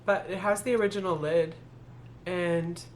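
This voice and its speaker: Chatty woman vlogger, low voice. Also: fairly even intonation, moderate pace, slight background noise. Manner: chatty, thinking aloud, self-correcting. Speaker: thrift reseller vlogger. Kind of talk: casual haul video talk.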